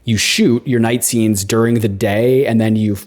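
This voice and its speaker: A man's voice: lowish voice, steady tone, normal speed. A man co-hosting a podcast, recapping a movie's plot in casual chat with wry asides. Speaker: podcast co-host.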